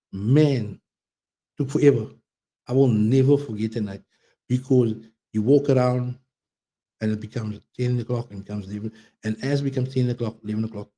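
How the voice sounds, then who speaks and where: A man's voice: medium pitch, warm tone, breathy edge. A man, talking in a rambling, profane casual monologue full of restarts. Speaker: vlogger.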